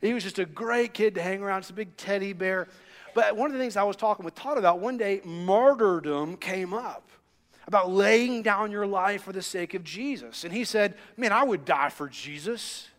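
A man with a high, bright speaking voice preaches a sermon from a church sanctuary. His words ring out in the long reverb of a big hall. He tells stories and swings from hushed asides to emphatic points. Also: moderate pace. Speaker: senior pastor.

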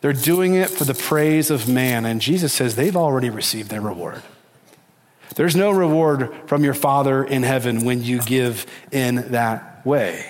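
A man's voice: medium pitch, measured pace. A man preaching a sermon as pastor, earnest and emphatic, pressing his listeners with repeated appeals. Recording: long reverb of a large hall.

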